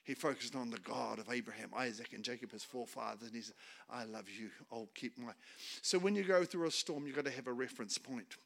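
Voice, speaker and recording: A man preaching a sermon as a guest speaker, colloquial and emphatic, speaking in short bursts and swinging from quiet talk to loud declarations. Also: medium pitch, fast talker, vocal fry, few pauses.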